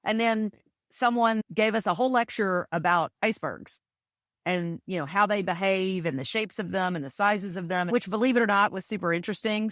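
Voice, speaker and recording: A woman's voice: lowish voice, dry recording, clean studio sound. A woman from Texas chatting as a podcast guest, telling her stories enthusiastically with plenty of fillers. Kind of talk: casual interview chat.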